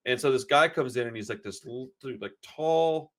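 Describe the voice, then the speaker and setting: A man's voice: medium pitch, moderate pace, a bit bright. A man, hosting a podcast and telling long, rambling stories in casual chat, full of cursing and "dude.". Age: 40s. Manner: rambling, profane storyteller, says dude a lot. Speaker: podcast host.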